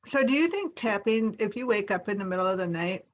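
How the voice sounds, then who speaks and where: A woman's voice: medium pitch, lively intonation, brisk. Female class participant, curious questioner, dull lo-fi sound.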